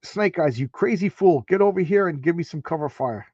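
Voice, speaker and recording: A man's voice: a little high, lively intonation, a little fast, darkish tone, dry recording, dull audio. Man reading a curt soldier woman. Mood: commanding. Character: tough female soldier giving hard orders.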